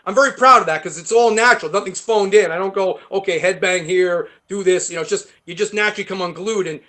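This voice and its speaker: A man with a heavy New York accent, a guest guitarist rambling through animated stories in a casual interview. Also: high voice, rapid-fire. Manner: rambling, animated storytelling with many fillers.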